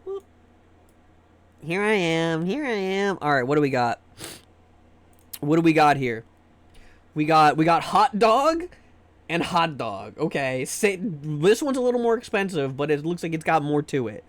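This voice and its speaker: A man's voice: a little high, lively intonation, moderate pace. A man streaming live, chatting casually and joking with his viewers, often trailing off into repeated fillers.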